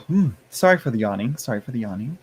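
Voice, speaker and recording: Man, livestream host, casual chat, laughs often, reads chat aloud, mid-pitched voice. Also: sing-song, a little fast, a little hiss or hum.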